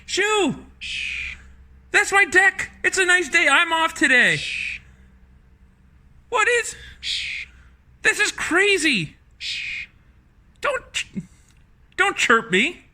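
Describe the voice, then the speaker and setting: Guy out on his deck, super high bright voice, slow, exasperated and acting tough, yelling a lot. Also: very animated. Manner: exasperated, mock-tough bravado, frequent shouting. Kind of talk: casual talk to a bird. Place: outdoors on a home deck.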